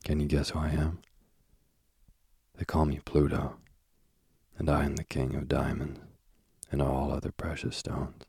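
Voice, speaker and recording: A man's voice: rumbling low, completely flat delivery, measured pace, creaky, long pauses, a little mellow, breathy edge, dry recording, studio quality, full character voice. A man reading the part of a boastful, coaxing male king of the underworld in a storybook.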